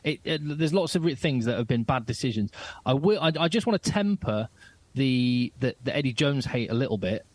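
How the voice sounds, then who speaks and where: Male podcast host, casual chat, animated delivery, dry close mic. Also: mid-range voice, normal speed, no room sound. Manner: animated, talks over his co-host, many restarts. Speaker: podcast co-host, radio presenter.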